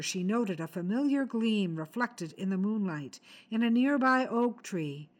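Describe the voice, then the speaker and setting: A woman narrating a short story aloud, measured and expressive in her storytelling. Her voice sits in a middle pitch for a woman, steady through the long passages of description. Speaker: story reader. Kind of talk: scripted narration.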